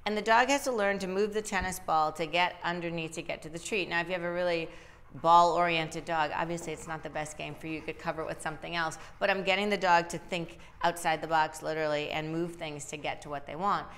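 Low-voiced woman dog trainer. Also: fast. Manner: lively, acts out dog and owner voices. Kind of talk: live Q&A advice.

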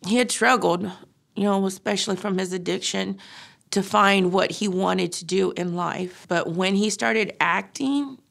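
Middle-aged mom telling her story through grief, halting, lots of "like", gravelly fry in her voice. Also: medium pitch, fairly bright tone. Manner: halting, grief-stricken, frequent fillers. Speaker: grieving mother interviewee. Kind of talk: emotional personal testimony.

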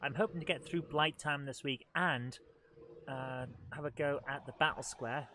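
A man with a slightly raised voice keeps up loose, self-mocking banter as he plays a game live. The game's vehicle and ambient sounds clatter loudly underneath him the whole time. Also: a little high, moderate pace. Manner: chatty, self-mocking, talks to chat. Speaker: game streamer. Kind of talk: live let's-play commentary. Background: game engine and vehicle noise.

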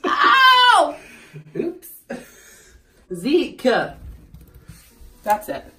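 A young man vlogging at home, talking to camera in an excitable way, laughing and yelping as he goes. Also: high voice, a little slow, soft background music. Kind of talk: casual chat to camera. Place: bathroom at home. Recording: echoey bathroom.

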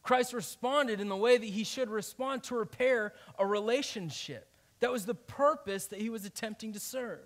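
Guy preaching, kinda high voice, chatty, keeps saying right?, gets loud then goes quiet. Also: moderate pace, few pauses. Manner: conversational preaching, asks "right?" often; swings between loud emphasis and quiet asides. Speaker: pastor. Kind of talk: sermon.

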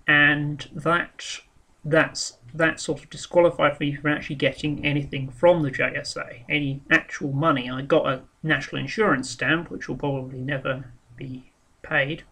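Male vlogger, forceful and bright in tone, candid, meandering, full of restarts. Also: fairly high pitch, fairly even intonation, unhurried, creaky. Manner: rambling and frank, with many ums, restarts and swearing. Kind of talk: casual spoken monologue.

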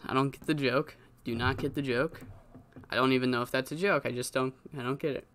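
A man's voice: medium pitch, fairly even intonation, fairly quick, a bit bright, slight background noise. A man giving casual, rambling commentary on a wrestling game, swearing often. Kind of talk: casual let's-play commentary.

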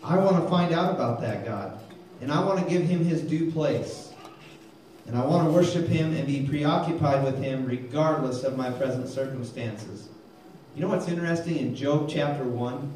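A man preaching a lively sermon, calling for amens and telling jokes, recorded in a church hall. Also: on the high side, normal speed, slight background noise. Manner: energetic, calls for amens, tells jokes. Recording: very echoey hall, mic far off.

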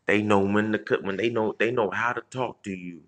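A man from Indiana casually telling a profane story on a live stream, full of restarts and shout-outs to viewers. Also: on the low side, fairly even intonation, moderate pace. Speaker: comedian livestream host.

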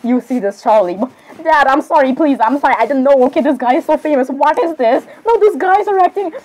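A high, light woman's voice carries a loose, improvised fan role-play acted out with drawings. She giggles often, apologizes constantly and rambles from one character to the next. Her tone stays bubbly and unscripted throughout. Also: a little fast, darkish tone, rough recording. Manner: giggly, apologetic, rambling, keeps breaking into laughter. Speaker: channel creator.

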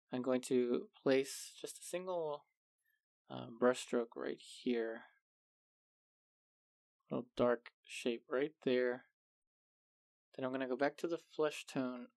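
A man calmly explaining each step of a painting tutorial, unhurried and methodical. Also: mid-range voice, vocal fry, no room sound. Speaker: art instructor.

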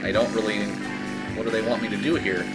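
A man giving casual gaming commentary. He rambles, swears, fills every pause with "like" and "dude", and shouts at the game when it goes wrong. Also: fairly low pitch, steady tone, loud music behind the voice. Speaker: let's play host.

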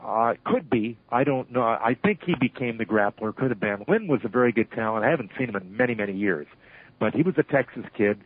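An older man, a retired wrestling referee, telling animated stories in an interview and acting out the lines he quotes. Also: medium pitch, brisk, husky, no echo. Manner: animated storyteller who acts out shouted quotes. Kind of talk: storytelling interview. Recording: tinny phone line.

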